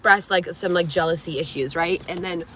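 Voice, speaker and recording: Bright-voiced woman rambling to camera. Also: on the low side, fairly quick, slight background noise, poor audio. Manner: rambling, heavy on "like" and restarts. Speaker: vlogger. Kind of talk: casual storytelling to camera.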